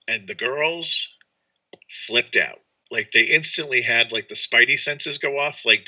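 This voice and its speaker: A priest, guest in an interview, telling a story in an animated way and acting out what others said. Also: male voice, medium pitch, moderate pace, husky. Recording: muffled lo-fi audio.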